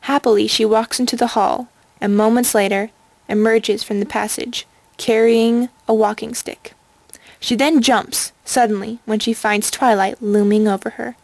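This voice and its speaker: A woman reading a storybook aloud in an even, measured way. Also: fairly high pitch, gravelly, no room sound. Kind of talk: storybook narration.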